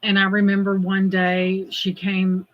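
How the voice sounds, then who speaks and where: A woman in her forties talking casually on a livestream, tearful and halting, with many restarts. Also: medium pitch, monotone, dull audio. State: teary, choked up. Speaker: vlogger.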